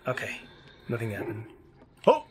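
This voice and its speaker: A man giving let's play commentary on a horror game, excitable and yelping whenever something startles him. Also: normal speed, a little hiss or hum. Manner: excitable, yelps and jumps high when scared. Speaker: gaming YouTuber. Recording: game music playing behind.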